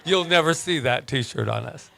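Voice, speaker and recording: A man's voice: on the high side, animated, moderate pace, creaky, pushed and bright. A man preaching a sermon as a minister, joking in a conversational way and then turning emphatic. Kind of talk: playful sermon. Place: church service.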